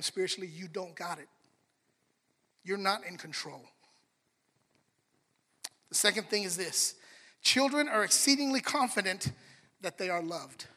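A middle-aged man preaching a sermon and telling a family story with animated swings between soft and loud talk. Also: a little high, long reverb tail. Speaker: pastor.

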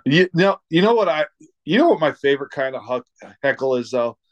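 Storytelling comedian man with a lively voice. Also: fairly high pitch, fairly quick, dry recording, highs cut off. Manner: storytelling, swears freely, laughs a lot. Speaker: stand-up comedian co-host. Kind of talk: casual podcast chat.

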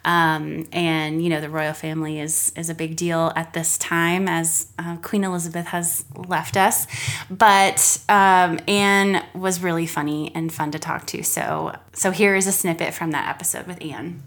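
A woman's voice: low voice, level tone, fairly bright tone. A woman from Florida hosting a podcast, chatting casually and laughing easily as she talks. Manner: chatty and giggly, quick to laugh. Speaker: podcast host.

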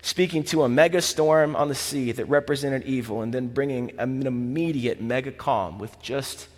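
Preacher with a ringing hall reverb. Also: male voice, medium pitch, normal speed. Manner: earnest, vivid storytelling with repeated phrases. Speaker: pastor. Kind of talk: sermon.

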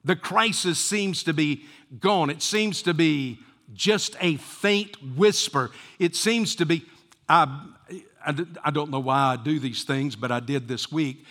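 A man preaching from the pulpit, his bright, slightly high voice moving slowly and deliberately. He swings from fervent emphasis down to hushed near-whispers. Long reverb hangs in the church hall. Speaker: pastor. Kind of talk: sermon.

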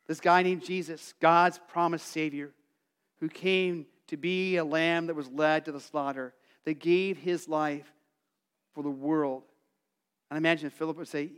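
High-voiced male pastor preaching conversationally. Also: clean tone. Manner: conversational, animated, acts out quotes; calls for congregation responses. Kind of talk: sermon.

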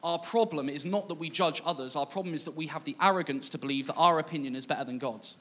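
Male preacher, slightly high voice, chatty sermon, self-deprecating storytelling. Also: fast talker, sharp tone. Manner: conversational, self-mocking, acts out dialogue.

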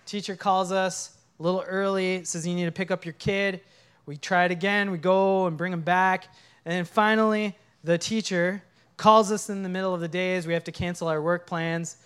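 A man's voice: high voice, fairly bright tone, clear, resonant tone. A male pastor preaching a sermon, telling a personal story in an earnest way and building to impassioned preaching.

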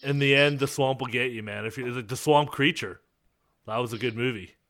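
A man co-hosting a casual podcast, laughing often and rambling through animated banter. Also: medium pitch, brisk. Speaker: podcast co-host.

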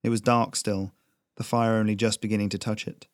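A man reading a story aloud in a slow, measured narration. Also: lowish voice, flat delivery, no room sound, clean studio sound.

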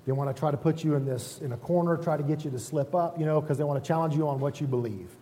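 A man who is a pastor, preaching a relaxed, conversational sermon in a folksy, self-deprecating way and often checking in with the congregation. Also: on the high side, fast talker. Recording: reverberant hall sound.

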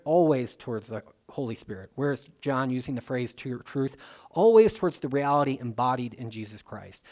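Conversational male pastor preaching. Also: medium pitch. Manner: conversational, dynamic, with frequent fillers and restarts. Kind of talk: sermon.

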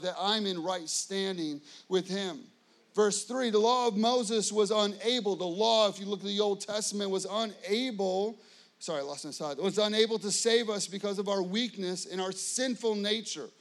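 A man's voice: high-pitched, fairly bright tone. A man preaching a casual sermon as pastor, loose and conversational, checking in with his listeners. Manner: conversational, loose, with many fillers and audience check-ins.

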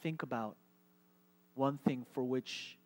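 Man, pastor, live church sermon, conversational, halting repeats, middle pitch. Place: church service with congregation.

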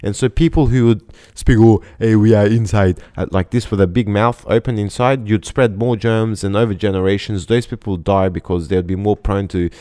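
A man's voice: fairly low pitch, fairly quick, hardly any pauses, dark tone, no echo, studio quality. A man co-hosting a casual chat, loose and joking, laughing often. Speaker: podcast co-host.

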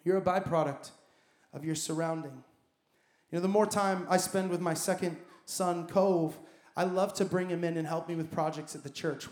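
High-voiced pastor preaching in an echoey church. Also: male voice, a little mellow. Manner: emphatic, builds with repeated phrases. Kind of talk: sermon. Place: church sanctuary.

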